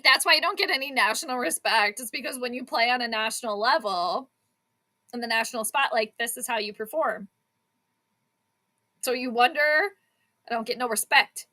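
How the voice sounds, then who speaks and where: A woman's voice: on the high side, bright, forceful tone. A woman hosting live sports commentary for her stream, exasperated and sarcastic about her team's play. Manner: exasperated, sarcastic, fired-up fan. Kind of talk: live game commentary and chat.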